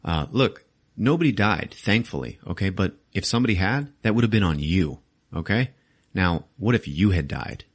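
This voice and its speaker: A man's voice: sits low, animated, normal speed. A man doing a blunt, scolding rich mentor.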